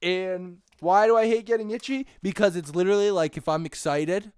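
A young man hosting a casual comedic rant, excitable and quick to get fired up. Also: high-pitched, clean tone, dry recording, clean studio sound. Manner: excitable, builds to shouting when fired up. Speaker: host.

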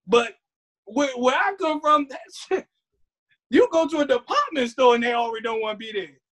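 A woman's voice: high voice, moderate pace. A woman co-hosting a podcast, chatting casually and acting out voices as she tells stories. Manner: animated storytelling, acts out other people's voices. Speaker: podcast co-host. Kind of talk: casual chat.

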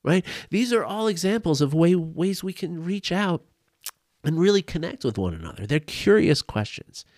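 A man's voice: a little high, big pitch swings, normal speed, a little mellow, dry recording, clean studio sound. A man hosting a podcast from his desk, talking earnestly and informally, often restarting and repeating words as he goes. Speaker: podcast host. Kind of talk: casual solo talk on men's mental health. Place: home desk.

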